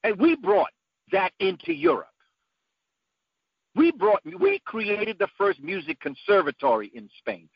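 A man giving an emphatic, preacherly talk whose voice climbs to high peaks. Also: huge pitch swings, unhurried, creaky, pauses often, breathy edge, dry recording. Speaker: guest speaker. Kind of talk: impassioned lecture-style talk. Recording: dull lo-fi dry sound.

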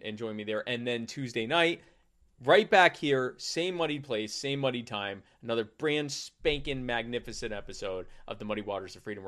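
A man's voice: on the low side, fairly bright tone. A man co-hosting a podcast, wrapping up the show in a jokey, rambling way. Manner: jokey, rambling, auctioneer patter. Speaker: podcast co-host. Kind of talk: casual show outro chat.

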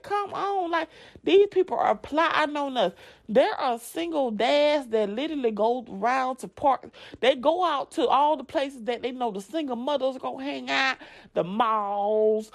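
A woman, telling a story to her viewers in a blunt, profane, animated way. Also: sits high. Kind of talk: casual storytime vlog.

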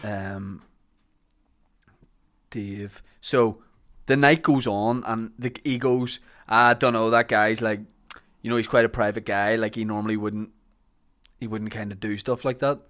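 A man's voice: fairly low pitch, fairly even intonation, measured pace, long pauses, a bit bright. A Northern Irish man hosting a podcast, chatting casually and telling rambling anecdotes with frequent laughs. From Northern Ireland. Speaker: podcast host. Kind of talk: casual chat.

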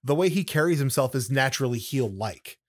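A man's voice: mid-range voice, lively intonation, a little fast. A man co-hosting a wrestling podcast in casual chat, joking and rambling with plenty of asides. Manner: chatty and jokey, with many fillers and asides.

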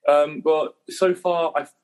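A man's voice: on the high side, little pitch movement, slow, darkish tone, smooth, poor audio. A man in his twenties from England, a conservatoire pianist answering podcast questions with hesitant, thinking-aloud speech. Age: 20s. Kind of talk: casual podcast interview.

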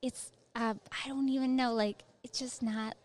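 A woman's voice: a little high, fairly even intonation, normal speed, darkish tone. A woman in her thirties, an Army veteran, chatting casually as an interview guest and filling her talk with "like" and "um". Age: 30s. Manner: chatty, many fillers of "like" and "um".

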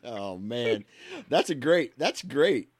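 A man's voice: mid-range voice, wildly swooping pitch, drawn-out words, a little mellow, breathy edge, no room sound, clean studio sound. A man hosting a podcast, chatting in an upbeat, casual, encouraging way. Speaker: podcast host. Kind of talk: casual interview chat.

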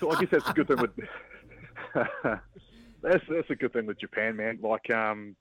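A man with a New Zealand accent, a rugby player calling in as a guest and chatting in a relaxed, halting way, full of fillers. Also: lowish voice, no room sound. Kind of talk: casual chat. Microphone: phone call. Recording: muffled phone line.

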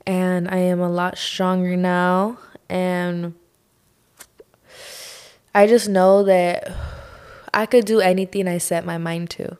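A young woman hosting her own podcast, talking through a personal struggle in a slow, heartfelt monologue full of sighs and "like". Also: lowish voice, little pitch movement, a little mellow, clear, resonant tone. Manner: slow, sighing, heartfelt, says "like" often. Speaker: podcast host.

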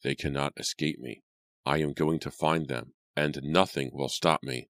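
A stern and obsessed frontier father from a dark storybook, barking orders in a booming voice, as a male narrator plays him. The voice is extremely deep and sits close and dry on the mic. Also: fairly even intonation, normal speed, no room sound. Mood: commanding. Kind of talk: audiobook character voice.

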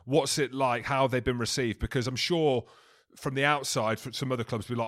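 A man's voice: medium pitch, fairly even intonation, a little fast, a bit bright. A man co-hosting a podcast, chatting casually with laughing banter. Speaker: podcast co-host.

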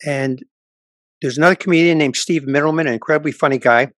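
An older comedian, a fast talker with a slightly high voice, shares animated stories in a casual interview. He acts out quoted people in their own voices, and there's no echo.

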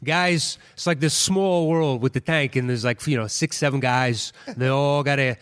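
A man's voice: mid-range voice, moderate pace, a bit bright, smooth. A man co-hosting a podcast, talking through movies in a rambling, self-deprecating way. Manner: rambling, self-deprecating, drops into comic character voices. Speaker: podcast co-host. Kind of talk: casual chat.

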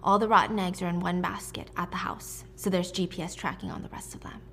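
A woman voicing a stern male government guard who mutters in a low half-whisper. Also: steady tone, fast, gravelly, fairly bright tone, a little hiss or hum. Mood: muttering.

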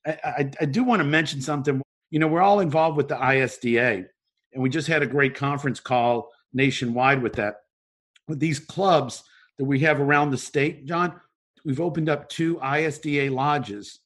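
A man from New Orleans, a co-host, telling stories in relaxed, casual radio talk. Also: medium pitch, normal speed. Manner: relaxed storytelling, chuckles.

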